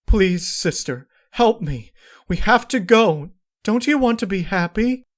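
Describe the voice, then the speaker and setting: A man voicing a weary, grim female pony princess, speaking low and resigned. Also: fairly even intonation, unhurried, a little mellow. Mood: urgent.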